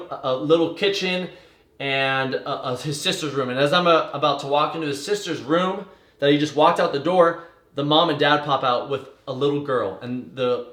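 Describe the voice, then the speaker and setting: A man telling a personal story in a casual, animated way, tumbling through details with fillers and swearing. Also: on the high side. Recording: echoey room.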